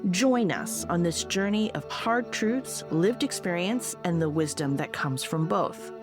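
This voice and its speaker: A woman reads a scripted podcast intro in a fairly low voice with lively, melodic pitch. Clear plucked guitar music plays behind her throughout. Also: unhurried. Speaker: show intro announcer.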